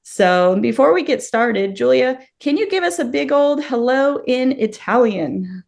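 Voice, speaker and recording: A woman from the United States hosting a casual podcast interview over a video call, bubbly and quick to laugh. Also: high-pitched, animated, creaky, a little mellow. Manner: bubbly and enthusiastic, laughs often. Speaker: podcast host.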